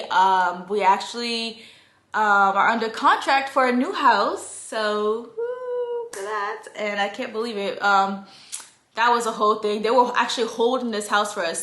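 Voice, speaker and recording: A young woman talks straight to her audience in a loose, rambling chat, leaning on "like" at every turn. Her voice is bright and clear. The room around her rings with a noticeable echo. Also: on the high side. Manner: chatty, fills speech with "like", rambling and heartfelt. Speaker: vlogger. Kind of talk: casual chat.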